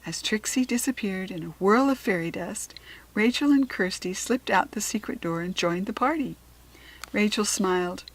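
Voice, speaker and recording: A woman reading a children's storybook aloud, slow, clear and expressive. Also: medium pitch, low-quality recording. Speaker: storybook reader.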